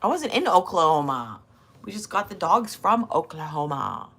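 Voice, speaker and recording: Lively, bright-voiced older woman streamer. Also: on the low side, normal speed, slightly rough. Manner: crude, teasing, laughs often, swears freely. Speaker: livestreamer reading chat. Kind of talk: casual livestream chat.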